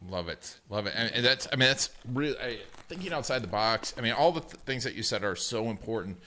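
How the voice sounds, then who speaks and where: A man hosts a casual interview in a bright, forward voice. He agrees readily and talks in a loose, halting way, restarting his sentences as he goes. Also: mid-range voice, lively intonation, slight background noise. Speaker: podcast host.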